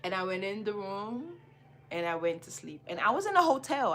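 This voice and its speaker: Jamaican woman podcast host, bright tone, casual animated storyteller, swings from hushed to loud. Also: mid-range voice, fairly quick. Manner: animated, repeats phrases for emphasis, swings between hushed and loud.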